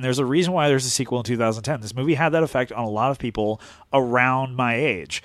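A man in his forties chatting on a movie commentary podcast, telling rambling, animated stories with frequent restarts. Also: medium pitch, dry recording. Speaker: podcast co-host. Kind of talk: casual movie commentary chat.

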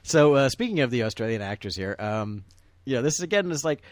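A man's voice: medium pitch, lively intonation, fast talker, dry recording, studio quality. A man hosting a casual movie discussion, rambling with many restarts and chuckles.

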